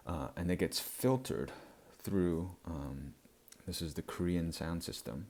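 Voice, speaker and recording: Very deep-voiced man explaining slides. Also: darkish tone, a little hiss or hum. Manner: halting, many fillers. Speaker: language educator. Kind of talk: explanatory lecture over slides.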